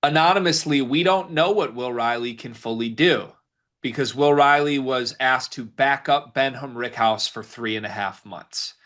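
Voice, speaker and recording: A man co-hosting a sports podcast, giving emphatic, rapid-fire scouting takes in casual banter. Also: medium pitch, a bit bright. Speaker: podcast co-host.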